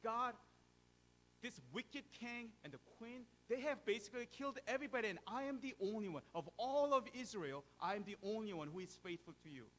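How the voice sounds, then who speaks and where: Brief: a man doing a worn-out prophet, whining high and loud over a steady hum. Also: a little fast, low-quality recording. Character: whining, self-pitying weary male prophet.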